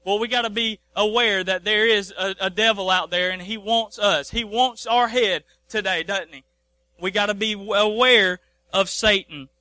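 A man's voice: high voice, fairly even intonation, normal speed, pushed and bright, dry recording. A man preaching a folksy sermon, repeating his phrases and calling for amens.

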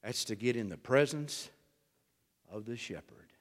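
A middle-aged man preaching a sermon, dropping to a hush and climbing to shouts in a folksy drawl. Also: mid-range voice, animated, a little slow, long reverb tail. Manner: swings from hushed to shouting, drawling folksy delivery. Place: church.

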